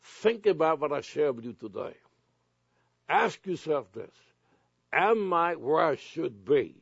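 A gravelly male pastor preaching a sermon with a slightly husky edge. He builds to forceful commands at the peaks. The recording is dry and a little dull. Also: a little high, very animated, measured pace, no echo. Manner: preachy, rising to shouted commands.

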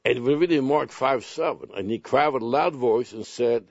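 A man preaching a sermon, telling personal stories and reading scripture slowly and deliberately. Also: mid-range voice, creaky, darkish tone, dry recording. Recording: dull lo-fi sound.

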